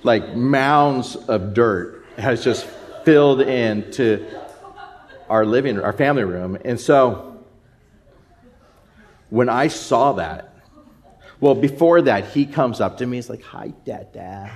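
A man's voice: medium pitch, slow, long pauses. A man in his thirties, a pastor telling a rambling family story in a sermon with many fillers.

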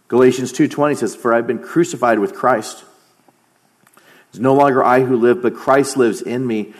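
A man's voice: mid-range voice, normal speed. A man preaching a sermon, emphatic, dropping to a near-whisper on key phrases.

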